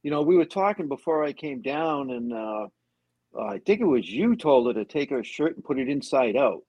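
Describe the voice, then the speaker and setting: Ein Mann als Co-Moderator, der locker plaudert und den Gast neckt. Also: male voice, on the high side, expressive, normal speed, a little mellow, husky, no echo. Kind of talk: casual chat.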